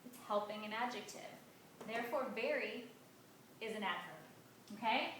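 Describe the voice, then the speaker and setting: A woman teacher giving a grammar lesson, stressing key words with slow, drawn-out emphasis. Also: on the high side, background noise. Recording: echoey room, mic at a distance.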